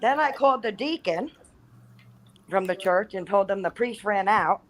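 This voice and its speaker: A woman in casual conversation, telling a haunting story in an animated, profane way and acting out what people said. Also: mid-range voice, normal speed, noisy background. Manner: animated, profane, acts out quoted lines. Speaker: guest.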